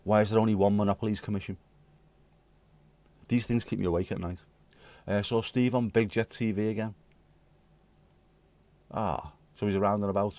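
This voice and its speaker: The British livestream host, from the UK, talks at a moderate pace with long pauses in a low, steady, slightly mellow voice, with no room sound. He casually reads through chat messages, rambling cheekily with swear words and jokes.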